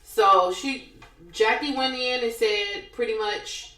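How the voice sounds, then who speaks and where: A woman's voice: on the high side, takes it slowly, reverberant, low-quality recording. A woman co-hosting a podcast, retelling reality TV gossip in casual chat and acting out what each person said. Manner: animated storyteller acting out quotes. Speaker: podcast co-host.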